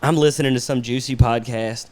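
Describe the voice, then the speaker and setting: A man's voice: medium pitch, steady tone, a little fast. A young man telling crude stories in casual chat as a podcast host, laughing often.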